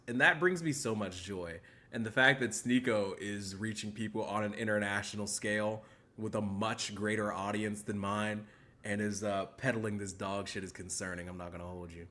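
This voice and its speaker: A man's voice: on the low side, normal speed, sharp tone. A man hosting a podcast, reacting to a video in a laid-back, joking way and reading out viewer greetings. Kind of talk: casual reaction commentary.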